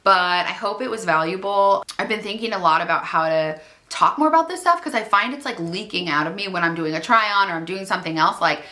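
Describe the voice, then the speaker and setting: Young female vlogger, bright tone, casual and rambling, speaking to camera alone in her room. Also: mid-range voice, a little fast, few pauses. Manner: rambling, heavy use of "like". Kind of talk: chatty self-help vlog.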